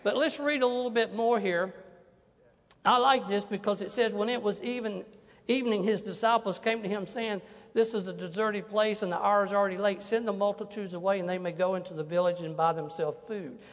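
A man preaching a sermon as pastor, animated, swinging from hushed asides to loud declarations. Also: sits high, fairly quick, long reverb tail.

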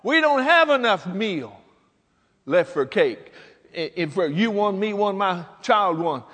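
A worried, poor widow pleads earnestly, as a male preacher puts her on in a raised, lively voice. Her bright tone rings out with a long reverb. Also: sits high, slow, full character voice. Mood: pleading.

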